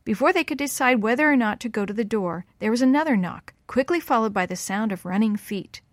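A woman telling a story to children in a gentle, clear voice. Her delivery is unhurried and kind. The sound is close and dry, with no room echo. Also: fairly high pitch, animated. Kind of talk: reading a story aloud to children.

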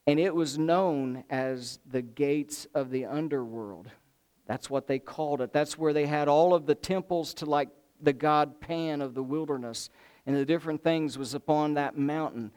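A man preaching a sermon in an animated way, swinging from excited bursts to low, slow emphasis. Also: clear, resonant tone.

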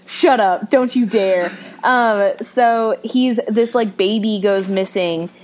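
A woman's voice: mid-range voice, takes it slowly, darkish tone, poor audio. A young woman co-hosting a podcast, chatting casually and gushing with jokey enthusiasm. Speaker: podcast co-host. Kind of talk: casual chat.

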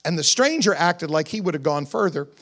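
A man's voice: a little high, animated, a little fast, fairly bright tone. A man preaching a sermon, retelling scripture as a story in a conversational way with humorous asides. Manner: dramatic retelling of scripture scenes. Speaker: pastor.

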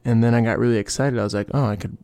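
A man's voice: mid-range voice, steady tone, very fast, warm tone, no room sound. A young man hosting a casual solo podcast, rambling through stories with quoted voices and asides. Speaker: podcast host.

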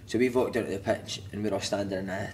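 A man's voice: fairly low pitch, fast talker, a little hiss or hum. A Scottish man on a podcast, telling football stories in casual chat, laughing and acting out other people's lines. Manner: animated storyteller who acts out other people's lines, laughing and swearing.

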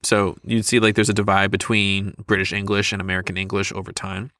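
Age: adult. Role: podcast co-host. Style: casual chat, lots of "uh" and "um". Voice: lowish and very bright, dry close sound. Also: male voice, monotone, brisk, dry recording. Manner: chatty, laughs often, many fillers.

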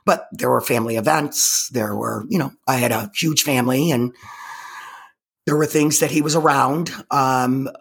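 A woman speaks as an interview guest, telling her own story with emphatic intensity. Her voice is gravelly and husky. She keeps repeating words and starting her sentences over. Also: extremely low pitch. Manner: halting, with frequent repeated restarts. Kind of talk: personal storytelling in conversation.

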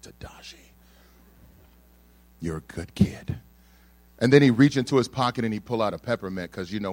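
Here a young man from Texas, his voice fairly low and the recording dry, shares his own story as a testimony sermon. The delivery is relaxed and funny, full of ums and other fillers.

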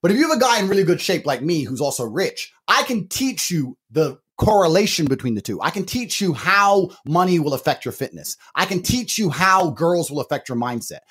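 A man's voice: fairly high pitch, sing-song, fairly quick, hardly any pauses, fairly bright tone, breathy edge. A man co-hosting a podcast in brash, bragging, hyped banter, cursing freely. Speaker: podcast co-host. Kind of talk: casual boastful podcast banter.

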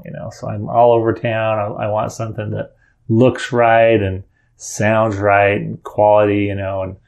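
A middle-aged father tells a story from his own life in a casual, earnest way. His voice sits low and carries a strong gravelly rasp. He rambles and keeps restarting his sentences. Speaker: father telling a personal story.

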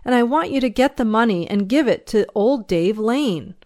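A woman's voice: a little high, expressive, normal speed, dark tone, dry recording, clean studio sound, pitched above the performer's own voice, natural voice. A woman reading the part of a young male moonshiner in jail, pleading in a raised, strained voice. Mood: desperate pleading.

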